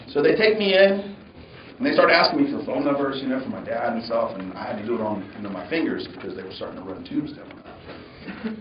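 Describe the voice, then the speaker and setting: A man giving a commencement speech as a conversational, animated story in a large hall, recorded from a distance. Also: medium pitch, a little fast, a little hiss or hum. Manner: animated, conversational, mimics the voices of others. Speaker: commencement speaker. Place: large hall at a graduation ceremony. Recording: dull, roomy sound from far off.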